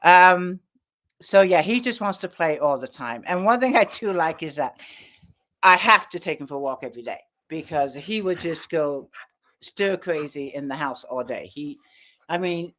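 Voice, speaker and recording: A woman author talks loosely with viewers on a live stream and keeps turning aside to speak to her dog. Her talk is relaxed and full of "um" and "so yeah". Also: lowish voice. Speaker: author hosting a live chat. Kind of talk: casual live-stream chat.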